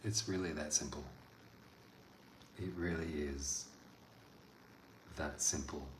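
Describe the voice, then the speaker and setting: A man delivering a blunt, profane motivational monologue as a coach, veering from loud outbursts to quiet talk. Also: very deep voice, steady tone, slow pace. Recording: echoey room with faint noise.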